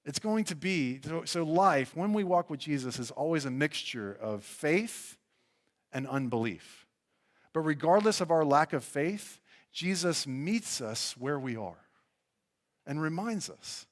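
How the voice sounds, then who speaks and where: A man's voice: fairly high pitch, animated, a little slow. Man preaching a casual sermon. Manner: conversational preaching with fillers and restarts. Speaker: pastor. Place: church.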